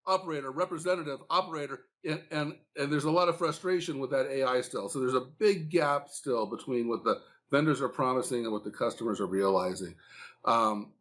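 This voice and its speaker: A man's voice: mid-range voice, a bit bright. A man co-hosting a casual industry talk show, talking loosely with many fillers and restarts. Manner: conversational, frequent fillers and restarts. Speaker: podcast co-host.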